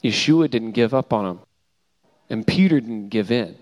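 A man preaching a sermon with lively storytelling, acting out the lines he quotes, on a handheld microphone. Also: on the low side, moderate pace. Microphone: handheld mic, switched mid-talk. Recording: hall reverb from a live room.

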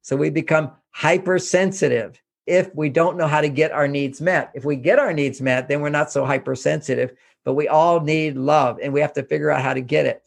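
Gravelly older man giving earnest advice. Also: on the high side, steady tone, fairly quick, few pauses. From Houston, Texas. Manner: earnest, emphatic, repeats points. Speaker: author and relationship guest. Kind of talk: interview, self-help advice.

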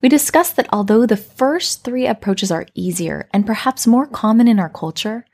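Husky-voiced woman parenting podcaster. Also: fairly high pitch, normal speed, darkish tone. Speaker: podcast host. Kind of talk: scripted parenting talk.

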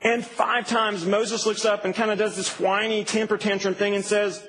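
A man preaching to students in an earnest, emphatic way, his voice sitting high for a man. He swings between hushed, slowed lines and raised, stressed ones. A faint background hum stays underneath. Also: little pitch movement, poor audio. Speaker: campus ministry preacher. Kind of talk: sermon.

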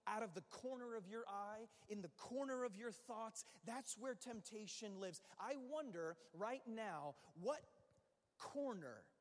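A man with a notably high voice preaches from the pulpit, animated and driving his points home by repetition. He slips into the inner voices of his listeners as he goes. His words carry a long, hanging reverb from a large hall. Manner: animated, acts out quoted inner voices, repeats phrases for emphasis. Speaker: pastor. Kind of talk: sermon. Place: church sanctuary.

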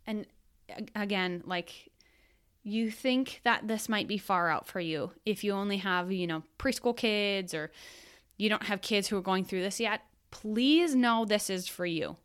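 A woman's voice: mid-range voice, lively intonation, a little slow, fairly bright tone, clear, resonant tone. A woman in her thirties hosting a podcast as a mother, talking frankly and casually in a rambling monologue with self-corrections.

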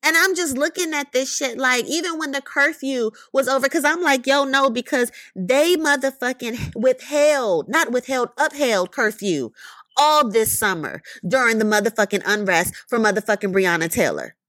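A woman's voice: on the high side, lively intonation, normal speed, fairly bright tone, dry recording. Emphatic, profane woman ranting. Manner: emphatic, profane, rhetorical questions, repeated "you know what I mean". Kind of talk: impassioned commentary monologue.

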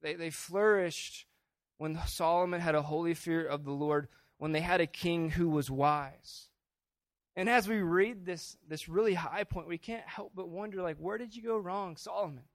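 A man preaching a sermon as pastor, earnest, swelling louder on key phrases. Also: a little high, a little slow, no room sound.

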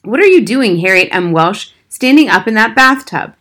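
A woman voicing a stern, brisk older nanny in a storybook reading. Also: mid-range voice, lively intonation, fairly bright tone, close to an everyday voice. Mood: scolding. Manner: brisk, scolding. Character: stern older nanny, fierce but caring.

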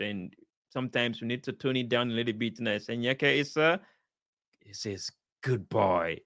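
A father speaking earnestly about the power of words, encouraging listeners with measured emphasis and repeated points. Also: medium pitch, sharp tone, no room sound, clean studio sound. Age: adult, father of a young child. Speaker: speaker sharing life advice. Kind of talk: slow inspirational talk.

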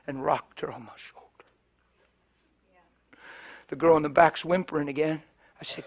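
High-voiced man preaching, loud to hushed. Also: moderate pace, long pauses. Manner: swings from loud preaching to hushed, near-whispered storytelling; acts out the people in his stories in quoted voices. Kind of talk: storytelling sermon.

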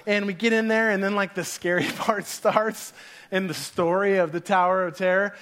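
A man with a bright, high voice preaches to a congregation in a church hall. He tells stories with animation and puts on other people's voices. He often laughs as he speaks. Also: normal speed. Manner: animated storyteller, acts out voices, laughs through anecdotes. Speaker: pastor. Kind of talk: sermon.

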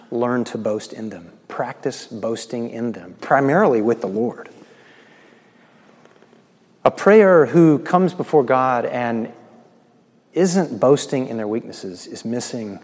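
A man preaching a sermon, swinging between loud proclaiming and quiet, hushed asides. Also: mid-range voice. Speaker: pastor. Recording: long hall reverb.

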